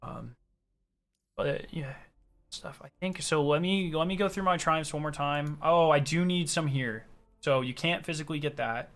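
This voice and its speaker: A man chatting casually on a gaming stream, excitable and ranting with plenty of swearing. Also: a little high, normal speed, soft background music.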